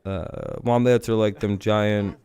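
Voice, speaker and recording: A man's voice: fairly low pitch, fairly even intonation, slow pace, a little mellow. A man hosting a live stream, chatting casually in a profane, laid-back, rambling way.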